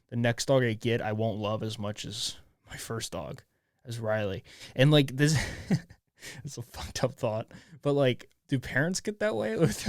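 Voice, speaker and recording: A young man in his twenties hosting a solo podcast, talking in a halting, emotional way with many restarts and swearing, choked up and near tears. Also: medium pitch, dry recording, studio quality. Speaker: podcast host. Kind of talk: casual solo podcast monologue.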